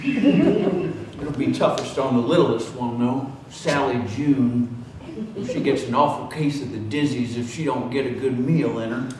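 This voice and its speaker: A man's voice: very high voice, expressive, a little slow, noisy background, voice pushed up. A man voicing a folksy, aggrieved male coal miner near sixty, with a put-on Southern drawl and a raised voice. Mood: sorrowful. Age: 50s. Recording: echoey room, distant mic.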